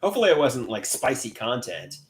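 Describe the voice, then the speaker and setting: A man's voice: medium pitch, big pitch swings, brisk, a little hiss or hum. A man hosting a casual livestream, reading chat comments aloud and rambling with many repeated, restarted words. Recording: echoey room.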